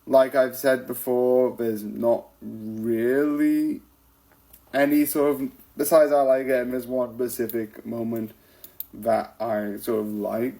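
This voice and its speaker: A man's voice: medium pitch, little pitch movement, slow, vocal fry, dark tone, rough recording. A man rambling casually about TV episodes, laughing often and restarting his sentences as he goes. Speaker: vlogger reviewing TV episodes.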